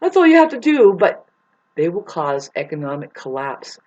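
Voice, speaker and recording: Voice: medium pitch, very animated, normal speed, darkish tone, muffled recording. A vlogger delivering an angry, rambling, profane monologue that warns and scolds the listener. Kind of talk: ranting monologue.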